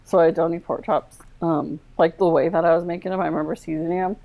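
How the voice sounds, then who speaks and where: A woman with a low, gravelly voice tells her story in an interview. She talks candidly and in long run-on stretches, full of "like" and quoted back-and-forth. She sounds like a veteran speaking plainly. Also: fairly even intonation, fast, mellow, poor audio. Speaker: guest, Air Force medic veteran.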